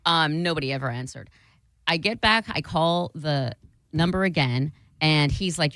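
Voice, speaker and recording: A young woman tells a long story in casual chat on a studio mic, low-voiced and lively, swearing freely and acting out every line people said. The sound is dry and close, with no room around her. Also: normal speed, no room sound. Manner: animated, swearing, acts out quotes.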